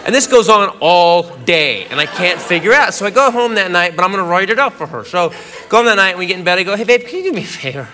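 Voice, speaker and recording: A man doing a stand-up routine, telling an animated story and acting out the voices in it. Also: sits high, fast talker. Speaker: stand-up comedian. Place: comedy club stage. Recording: loud crowd and noise of a club. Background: loud laughing audience.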